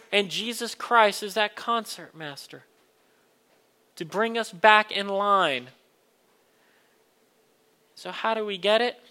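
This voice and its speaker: A man's voice: sits high, bright, forceful tone. A man preaching a sermon to a congregation, earnest and building to emphatic questions. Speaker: pastor.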